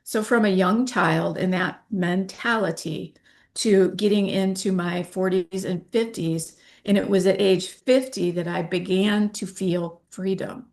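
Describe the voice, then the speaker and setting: Animated woman in her fifties. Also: medium pitch, unhurried. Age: 50s. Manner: animated, acts out quoted dialogue. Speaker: interview guest. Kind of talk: candid interview talk.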